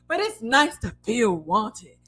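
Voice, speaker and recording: Bright-voiced candid young woman. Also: fairly high pitch, very animated, breathy edge, rough recording. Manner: candid, blunt, drawn-out storytelling with fillers. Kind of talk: casual chat.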